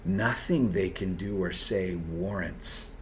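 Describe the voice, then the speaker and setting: A man talking straight to viewers, giving earnest, direct advice off the cuff, pausing and restarting as he thinks. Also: low voice, noisy background. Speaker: video host giving personality-type advice. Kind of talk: unscripted advice monologue.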